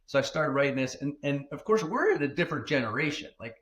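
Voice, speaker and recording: A man who is a former tech executive, telling a story as a podcast guest in an animated way, with fillers and self-corrections. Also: fairly high pitch, fast talker, muffled recording.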